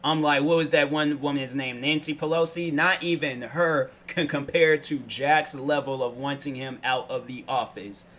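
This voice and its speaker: A man's voice: mid-range voice, steady tone, moderate pace, few pauses, fairly bright tone. A young man hosting his own show, talking in a casual, slangy monologue that rambles and keeps losing its thread. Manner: rambling, slangy, loses his train of thought. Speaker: show host. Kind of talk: casual solo vlog monologue.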